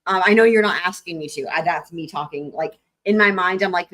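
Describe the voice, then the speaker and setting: A woman's voice: on the low side, a little fast, a bit bright. A woman hosting a live stream, chatting casually and laughing while reacting to trial footage, swearing freely.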